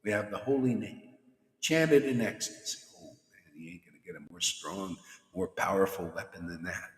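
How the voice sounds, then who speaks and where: A man's voice: deep voice, moderate pace. A man as spiritual teacher, giving a casual, teasing devotional sermon to an online group.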